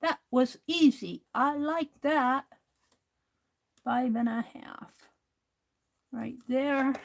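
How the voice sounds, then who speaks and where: A woman's voice: high-pitched, very slow, gravelly. A woman hosting a crafting livestream, chatting to viewers while she works and laughing often. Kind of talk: casual crafting chat while working.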